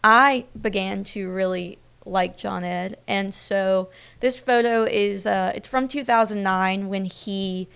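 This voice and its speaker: A young woman hosts a casual streamed newscast, chatting to viewers at an everyday pitch. Her voice is smooth and clear but slips into a gravelly fry. She talks in a personal, loose way, full of fillers. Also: takes it slowly, few pauses, a bit bright. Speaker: news host. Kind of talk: casual live-stream news chat.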